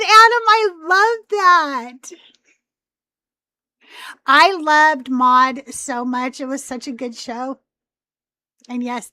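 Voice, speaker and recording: A woman with a high, slightly bright voice hosts a live call-in show, chatting casually and rambling in a youthful, teen-like way. The recording is dry.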